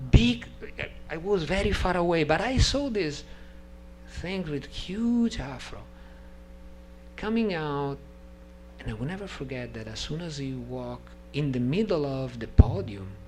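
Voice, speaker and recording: A man's voice: on the high side, measured pace, a little hiss or hum. A man whose first language is not English tells a personal story to a gathering, acting out the voices of the people in it. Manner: animated, acts out voices of people in his story. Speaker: speaker sharing a personal testimony.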